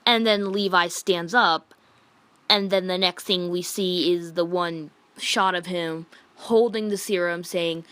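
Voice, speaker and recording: Speaking a little slowly in a low-ish, steady voice that is clean and fairly bright, this manga reviewer vents her exasperation in a casual review. The indignant retelling wanders and leans heavily on "like," and the recording is dry.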